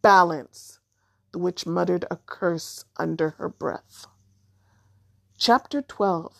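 Woman, storybook narrator, slow measured reading, low-ish voice, dry close recording. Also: vocal fry, a little mellow, no echo. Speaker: audiobook narrator.

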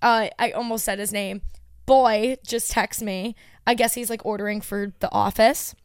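A woman's voice: mid-range voice, fairly even intonation, normal speed, clear, resonant tone, dry recording, studio quality. A woman co-hosting a comedy podcast in casual chat, chatty and laughing often, swearing freely and talking over others. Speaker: podcast co-host.

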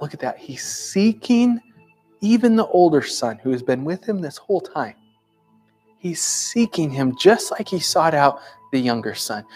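Conversational man preaching a sermon. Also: a little high. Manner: conversational preaching, asks the listeners questions. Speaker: pastor.

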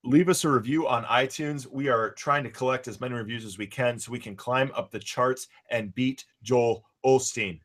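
A man co-hosting a casual podcast, with an average-pitched voice. He rambles along in a relaxed way and leans on fillers between thoughts. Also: brisk, hardly any pauses. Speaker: podcast co-host. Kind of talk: casual chat. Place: Michigan.

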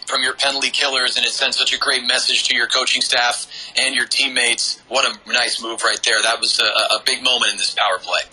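A man's voice: mid-range voice, level tone, a little fast, sharp tone, slightly rough, poor audio. A man giving live hockey color commentary, analytical, with frequent "uh"s. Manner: analytical, many filler "uh"s.

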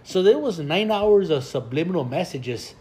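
A man's voice: fairly high pitch, lively intonation, normal speed, darkish tone. An older man and grandfather telling rambling, profane stories in a casual chat with friends, often breaking into laughter. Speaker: storyteller in a group chat.

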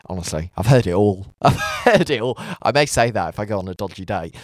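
Lively low-voiced man hosting. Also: normal speed, no echo, studio quality. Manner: rambling, self-mocking, animated storyteller. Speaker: radio show host. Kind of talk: chatty anecdote-telling. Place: studio.

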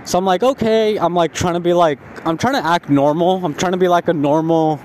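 A man's voice: a little high, fairly even intonation, a little fast, darkish tone, a little hiss or hum. A young man telling a rambling, profane story about himself in a casual vlog, laughing at himself.

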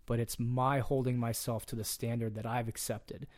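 A man's voice: medium pitch, little pitch movement, normal speed, a little mellow, no echo. Earnest, plain-spoken male coach. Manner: earnest, direct, plain-spoken, with mild profanity. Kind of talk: casual podcast conversation.

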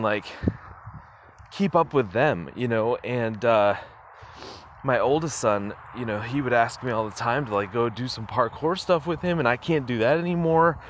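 A man's voice: medium pitch, slight background noise. Rambling, chuckling male podcast host. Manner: rambling, chuckles often, lots of fillers. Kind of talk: casual solo podcast monologue. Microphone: phone.

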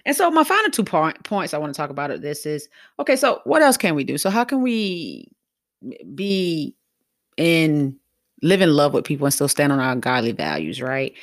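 A woman's voice: low-pitched, big pitch swings, moderate pace, dry recording, studio quality. A woman hosting a faith talk show, giving casual faith-based advice in a conversational way, often repeating herself and saying "you know.".

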